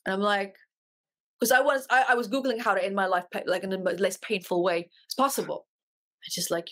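A woman with a fairly high voice tells a personal story as a guest in an interview. She speaks earnestly and with feeling, and she often repeats her words to drive a point home. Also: lively intonation, fairly quick, fairly bright tone. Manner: earnest, emotional, repeats phrases for emphasis. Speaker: guest, author and life coach.

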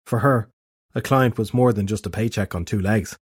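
Male narrator for fantasy audiobook; steady, husky, dry booth sound. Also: on the low side, normal speed, dry recording.

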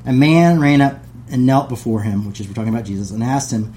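Middle-aged guy chatting about the bible, warm mellow tone, lots of asides. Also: mid-range voice, fast, few pauses. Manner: conversational, reads and paraphrases aloud with many asides. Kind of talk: casual talk on scripture.

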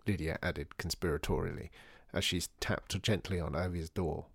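Deep, husky male storyteller. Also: fairly quick, a little mellow, no room sound, clean studio sound. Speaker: narrator. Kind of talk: storybook narration.

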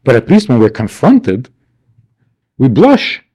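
Man, classroom lecture, rhetorical questions, wry asides, very animated intonation, mid pitch. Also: takes it slowly, husky. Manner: rhetorical, asks and answers himself; wry, mock-indignant asides. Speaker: teacher.

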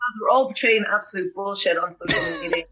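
A woman with an Irish accent, an entertainment interviewer telling rambling, animated stories in casual chat. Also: medium pitch, fast, low-quality recording. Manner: animated, rambling storytelling with fillers. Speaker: podcast guest, entertainment interviewer.

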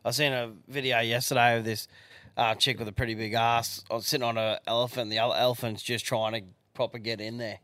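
A man's voice: medium pitch, level tone, fast talker, sharp tone, dry recording. A man co-hosting a podcast, telling blunt, crude stories in casual banter. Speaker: podcast co-host.

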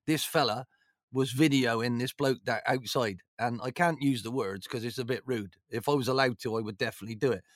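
A man's voice: medium pitch, no room sound, studio quality. A man, a former football manager, chatting in an interview, rambling and jokey with lots of "you know"s. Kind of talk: casual storytelling chat.

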